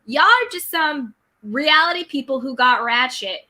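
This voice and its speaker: A woman co-hosting a casual panel chat, animated and mimicking others mockingly. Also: high-pitched, unhurried. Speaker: co-host.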